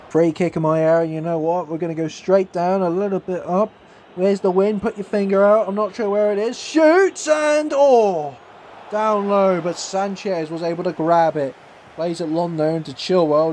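A man giving excitable play-by-play commentary over his own football video game match, mixing calls with asides. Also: high-pitched, a little hiss or hum. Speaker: gaming YouTuber. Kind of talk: live gameplay commentary.

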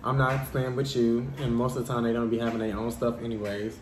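A man telling a dramatic personal story to his vlog viewers in a lively, casual way. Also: medium pitch, a little fast, roomy sound, a little hiss or hum. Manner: animated, dramatic storytelling addressing viewers as y'all. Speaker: vlogger.

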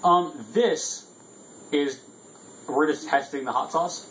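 A man's voice: fairly high pitch, slow pace, a bit bright, a little hiss or hum, poor audio. A drunk man hosting a casual vlog, rambling loosely and swearing freely. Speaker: vlog host. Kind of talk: casual chat.

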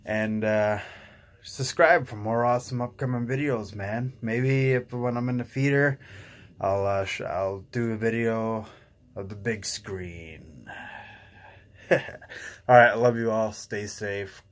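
Sleepy young Canadian guy vlogging. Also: takes it slowly. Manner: sleepy, low-key. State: just woke up. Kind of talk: casual vlog.

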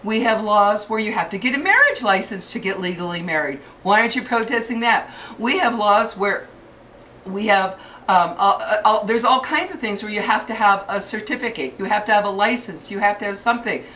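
An older grandmother vents in a furious, cursing monologue, often stumbling and restarting mid-sentence. Her voice sits at an ordinary middle pitch. The mic is some distance away, with a faint hiss underneath. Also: expressive, a little fast, a bit bright. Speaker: vlogger. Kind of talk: angry rant to camera.

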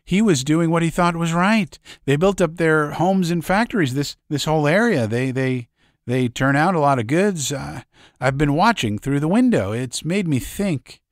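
A man performs a troubled, shaken young woman, pitching his voice on the high side, above his own yet close to an everyday voice. He sounds animated at a moderate pace, recorded dry with clean studio sound.

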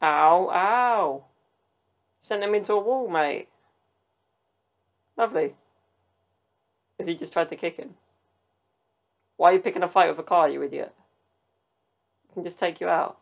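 A video commentator with a British accent reacts in a casual, blunt, exclamatory way full of cheeky banter. His voice sits high and creaky, moving at a moderate pace with frequent pauses.

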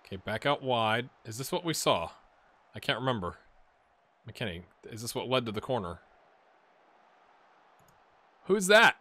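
A man casually talking through a sports management game, thinking aloud and breaking into excited play-by-play. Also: medium pitch, normal speed. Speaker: gaming channel host. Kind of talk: casual gameplay commentary.

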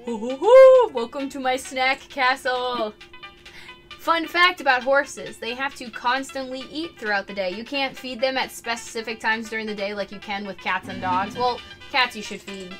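A woman streaming a video game in casual chat, talkative and quick to burst into excited squeals and laughter. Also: a little high, soft background music.

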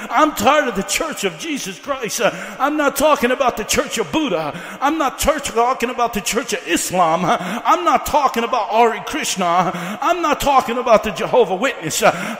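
A man with a very high voice preaches a fiery revival sermon. He peppers his lines with "uh" and hammers the same questions again and again. His voice rings out with the long echo of a large hall. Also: a bit bright. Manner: fiery preaching with repeated "uh" fillers; builds by repeating questions. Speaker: evangelist. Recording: echoey hall.

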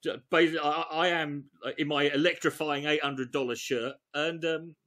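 A man reading through a dating skit and mocking it with sweary, animated commentary. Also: a little high, moderate pace. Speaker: comedy host reading a skit. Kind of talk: comedic sketch read-through with commentary.

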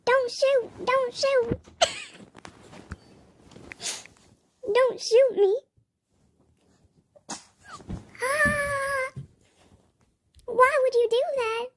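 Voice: extremely high pitch, fairly even intonation, slow, a bit bright, exaggerated voice. A performer voicing a sad loser male mall cop stuck in a bunny suit, in a whiny, self-pitying, pleading game role-play story voice, often near tears. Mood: pleading, panicked.

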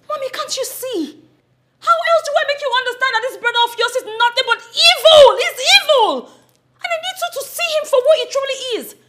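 A woman's voice: extremely high pitch, fairly bright tone, exaggerated voice. An actress playing a defiant young woman with a Nigerian accent, confronting her uncle in front of her mother. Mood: pleading. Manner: taunting, confrontational. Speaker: daughter.

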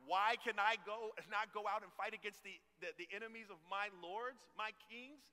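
A preacher acting out a young warrior who is pleading desperately to be allowed into battle. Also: male voice, fairly even intonation, normal speed, sharp tone. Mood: begging. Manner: begging, high and strained. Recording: long church hall reverb.

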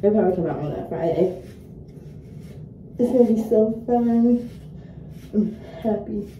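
A woman's voice: medium pitch, animated, measured pace, highs cut off, a little hiss or hum. A tired teenage girl chatting casually and profanely to her viewers while getting ready at home. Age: late teens. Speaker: vlogger. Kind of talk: casual get-ready-with-me chat. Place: indoors at home by a mirror. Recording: echoey room, faint ambience.

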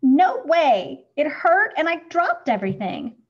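A woman reading aloud and voicing a small, shy but indignant schoolboy in a high, pleading voice. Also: very animated, drawn-out words, slightly rough, heavily acted. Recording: muffled lo-fi recording.

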